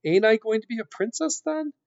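A man voicing a dim, tearful young serving girl who talks in a rough, plaintive whine. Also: sits high, animated, fairly quick, darkish tone, dry recording, voice pushed up. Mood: wailing. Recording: dull lo-fi recording.

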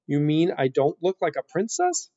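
A man voicing a dim, tearful young serving girl who talks in a rough, plaintive whine. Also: on the high side, wildly swooping pitch, normal speed, warm tone, no echo, pitched above the performer's own voice. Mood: hopeful. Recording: dull lo-fi recording.

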